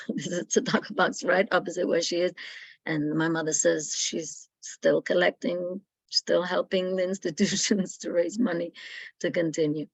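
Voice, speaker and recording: A middle-aged woman giving a storytelling talk as a guest speaker, who acts out the people in her story in louder, higher voices. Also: steady tone, normal speed, gravelly, slightly rough, no echo, low-quality recording. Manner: acts out quoted voices, loud and high when quoting.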